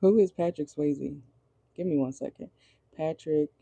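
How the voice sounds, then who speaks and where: Dark, mellow-voiced woman reading tarot. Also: sits low, measured pace, creaky, slightly rough, no echo. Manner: chatty, rambling, laughs often, swears casually. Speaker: tarot reader. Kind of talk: casual channeled tarot reading. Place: inside a car.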